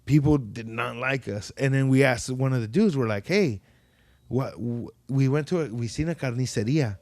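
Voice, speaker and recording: A man's voice: medium pitch, moderate pace, no room sound, studio quality. A man telling stories in casual podcast chat, swearing freely and acting out the people he quotes. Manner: profane storytelling, animated quoted voices.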